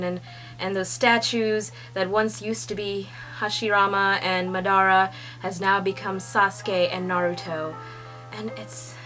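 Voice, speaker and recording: A young woman reading a comic aloud and reacting as she goes, excitable and laughing, sometimes hushed and sometimes squealing. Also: mid-range voice, rough recording. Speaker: manga reaction reader. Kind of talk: casual read-along reaction.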